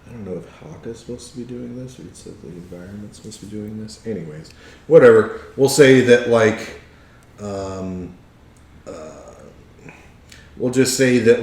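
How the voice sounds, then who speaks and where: A man running a tabletop game as game master, hesitant, with many fillers and throat clearing. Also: fairly low pitch, normal speed, a little mellow, echoey room, a little hiss or hum.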